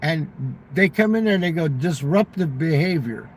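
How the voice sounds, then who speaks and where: Profane high-voiced man telling casino stories. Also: brisk, a little hiss or hum, low-quality recording. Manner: profane, animated, acts out quoted exchanges. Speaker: casino regular telling a story. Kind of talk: casual storytelling.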